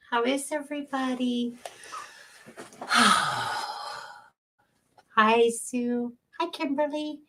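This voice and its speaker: Slow-talking woman chatting on a livestream. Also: high-pitched. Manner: chatty, greets viewers by name, laughs often. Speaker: psychic medium hosting a livestream. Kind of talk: casual livestream chat.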